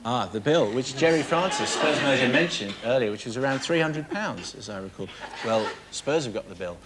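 The English host of a televised game show questions guests in a teasing, mock-stern style, his mid-range voice lively and fairly quick. A live audience fills the studio with loud crowd noise.

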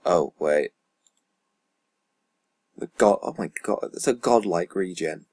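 A man's voice: sits low, animated, slow, darkish tone, dry recording. A man giving casual gameplay commentary as a YouTuber, rambling and swearing under his breath as he reads out stats. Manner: rambling, swears and mutters asides. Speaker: YouTuber playing a football management game.

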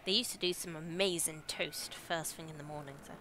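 A young woman with an English Midlands accent streams a game, chatting casually, giggling and reacting aloud to scares. Her low voice is steady in tone, a little fast, pushed and bright, with slight background noise.

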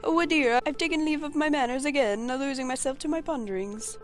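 A woman's voice: sits high, fairly quick, soft background music, voice pushed up, natural voice. A woman voicing a vain, pompous male farmer with a put-on Italian accent and a flowery, grandiose way of talking. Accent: fake Italian.

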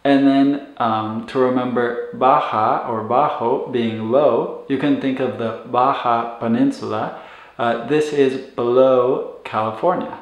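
A man's voice: mid-range voice, steady tone, measured pace. A man teaching medical vocabulary, patiently explaining and repeating words so learners can follow their pronunciation. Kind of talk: instructional explanation. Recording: roomy echo.

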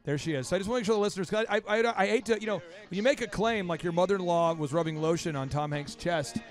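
Brief: male podcast host, fast playful banter, somewhat high voice, faint music behind. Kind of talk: casual business podcast chat.

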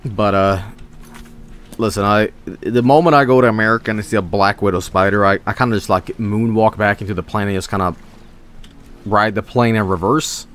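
A man's voice: lowish voice, moderate pace. A man from Sweden, casually commentating a video game, joking, swearing and putting on silly voices. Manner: jokey, profane, animated, puts on silly voices. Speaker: streamer.

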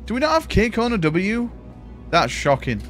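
A man's voice: sits high, wildly swooping pitch, moderate pace, fairly bright tone, faint music behind. A man casually chatting and swearing while streaming a video game, calling his viewers "boys" and thanking them.

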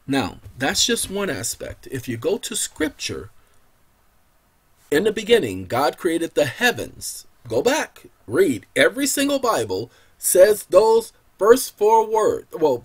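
A man hosting his own channel, giving an impassioned, preacher-like lecture to his audience. He talks emphatically, keeps addressing "ladies and gentlemen," and swings between hushed and loud delivery. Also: fairly high pitch, husky. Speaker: channel host giving legal advice.

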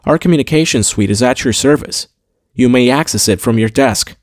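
A man voicing a calm, polite male base computer AI in an audiobook, speaking formally. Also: medium pitch, no room sound, studio quality, close to an everyday voice. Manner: courteous, formal, measured. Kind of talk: audiobook character voice.

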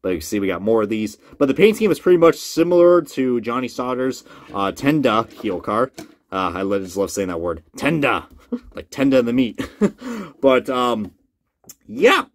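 Male hobby vlogger, chatty and profane, with a lively, swinging delivery and a dry close-mic sound. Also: mid-range voice, normal speed, dry recording. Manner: chatty, jumps to loud disbelief, swears freely. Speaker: diecast reviewer. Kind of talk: casual hobby review.

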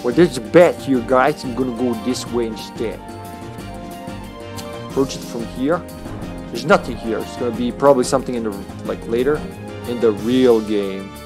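A man's voice: mid-range voice, moderate pace, long pauses, over music. A man streaming a video game, chatting casually and jokingly as he plays. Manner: playful, joking, reads in-game lines aloud. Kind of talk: casual gameplay commentary.

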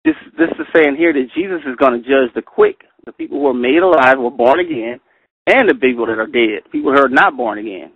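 A middle-aged man leads a Bible study, telling personal stories with a lively, swooping pitch. He slows down and takes care when reading scripture aloud. The sound is thin and phone-like, with no room echo at all. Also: breathy edge. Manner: animated storyteller, reads scripture slowly and carefully. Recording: tinny phone line, dry.

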